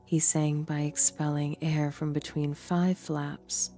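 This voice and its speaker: A young woman with a low, warm voice reads fantasy lore aloud like a storyteller. Her delivery is theatrical and deliberate, leaning into the odd names. Faint game music sits underneath. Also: flat delivery. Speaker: streamer and voice actor.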